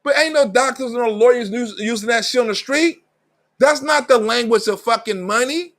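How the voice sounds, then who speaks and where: A man with a strikingly high voice, ranting on his own live stream. His talk is blunt street slang, thick with profanity, and he hammers home every point with heavy emphasis. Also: moderate pace, fairly bright tone. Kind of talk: ranting monologue.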